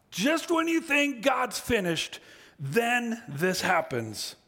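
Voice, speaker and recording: A man preaching a sermon, reading scripture aloud and acting out the speakers, moving from low, quiet reading to loud, high emphasis. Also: huge pitch swings, slow pace. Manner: acts out voices in scripture and paraphrase.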